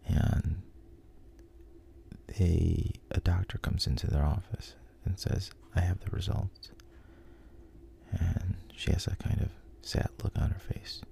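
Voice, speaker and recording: A man softly retelling a story, unhurried, with frequent pauses and restarts. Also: deep voice, steady tone, vocal fry, a little hiss or hum. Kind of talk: whispered storytelling.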